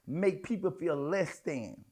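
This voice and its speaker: A man preaching a sermon in a folksy, conversational way, swinging between hushed asides and loud outbursts. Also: fairly high pitch, animated, takes it slowly. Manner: folksy, addresses congregation as y'all, child, honey. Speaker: apostle preaching.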